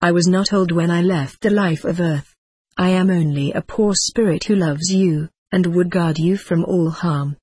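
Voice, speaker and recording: Audiobook: solemn young male spirit, old-fashioned speech, husky tone, dry close sound voiced by the reader. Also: mid-range voice, normal speed, a little mellow, dry recording, lightly acted. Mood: sad. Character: sad, loving male spirit of a young man. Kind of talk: audiobook reading.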